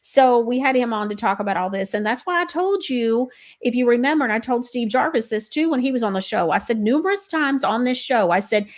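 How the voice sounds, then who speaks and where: A woman hosting a casual political talk show, emphatic and rambling, quoting others in quick animated asides. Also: on the high side.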